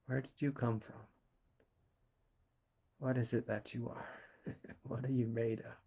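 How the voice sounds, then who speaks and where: A man from Kentucky with a Southern accent, a spiritual teacher giving a slow, meditative satsang talk and asking quiet questions between soft laughs. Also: medium pitch, level tone, husky, lo-fi sound. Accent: Southern American. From Kentucky, USA.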